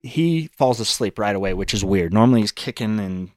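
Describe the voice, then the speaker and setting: A man's voice: lowish voice, expressive, brisk, mellow, no room sound, clean studio sound. A man telling a personal story as a podcast guest, earnest, acting out his own thoughts in quotes.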